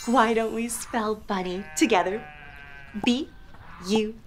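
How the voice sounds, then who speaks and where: A young woman hosting a toddler learning show, speaking in an exaggerated sing-song way, making animal noises and spelling words out slowly. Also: a little high. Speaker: children's show host.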